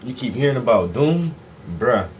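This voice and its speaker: A man from South Carolina, talking casually in an excitable, profane monologue full of slang. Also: medium pitch, moderate pace, a little hiss or hum. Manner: profane, excitable, peppered with "yo" and "bruh". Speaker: host.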